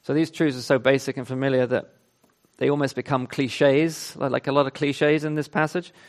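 A man's voice: mid-range voice, steady tone, normal speed. A man preaching a sermon, reading scripture with emphasis and then explaining it in an earnest, conversational way. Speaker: pastor.

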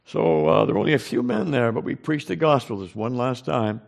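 A man with a gravelly, creaky voice speaks at an ordinary middle pitch. He tells earnest mission stories to a congregation, repeating phrases and restarting sentences as he goes. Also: sing-song, a little fast. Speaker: missionary preacher giving a slide report. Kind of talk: informal mission report to a congregation.

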